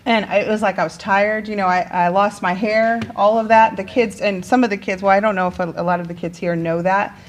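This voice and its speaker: A woman's voice: medium pitch, steady tone, fairly quick, few pauses, slight background noise. A middle-aged woman teacher talking casually in a conversation, with many fillers and restarts. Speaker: teacher and guest.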